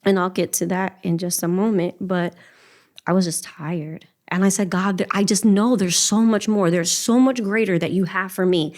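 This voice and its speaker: Earnest, emotional woman, lowish voice. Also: steady tone, moderate pace, a little mellow. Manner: earnest and emotional, faith-filled, quoting her own prayers. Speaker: podcast guest. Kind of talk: personal testimony in a podcast interview.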